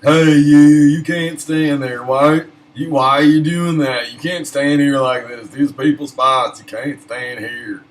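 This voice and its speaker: A man voicing an angry old man who yells and scolds in a high, loud voice. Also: fairly even intonation, a little slow, close to an everyday voice. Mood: furious. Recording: distant mic, air-conditioner hum.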